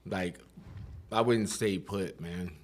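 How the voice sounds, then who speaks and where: A man with a very low voice speaks as a guest on a podcast. He talks in a loose, conversational way. His speech is full of street slang, cursing and "bro.". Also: takes it slowly. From Inland Empire, California. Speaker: podcast guest sharing his recovery story. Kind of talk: casual conversation.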